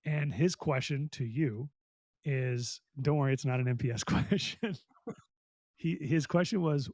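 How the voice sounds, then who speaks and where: A man's voice: medium pitch, a little slow, darkish tone, no room sound. A man hosting a podcast interview, chatting enthusiastically and casually with fillers. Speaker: podcast host.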